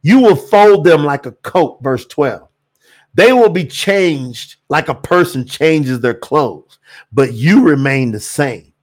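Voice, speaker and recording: A man teaching scripture on a livestream, preacherly and animated, bursting into shouts. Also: fairly high pitch, slow pace. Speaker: Bible teacher and livestream host.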